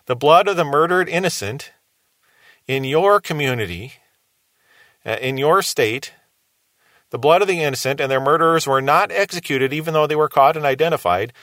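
Man, radio Bible teacher, slightly high voice, dry studio sound, earnest and reasoning. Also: expressive, normal speed, pauses often, pushed and bright, no room sound. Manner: earnest, reasons with rhetorical questions.

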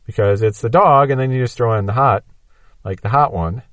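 A man's voice: mid-range voice, fairly quick, fairly bright tone, dry recording. A man giving a Bible prophecy lesson, explaining patiently with everyday examples. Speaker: Bible teacher.

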